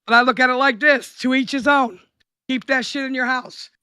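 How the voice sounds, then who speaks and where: A man's voice: extremely high pitch, fairly even intonation, moderate pace, sharp tone, clear, resonant tone. A man from South Carolina talking bluntly and profanely in a casual streamed chat.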